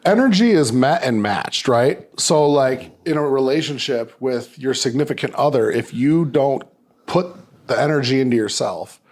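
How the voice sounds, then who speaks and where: A man's voice: mid-range voice, moderate pace. A man hosting a podcast, talking casually and animatedly, swearing freely and acting out the people in his stories. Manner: animated storyteller, swears freely, acts out quotes. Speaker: podcast host.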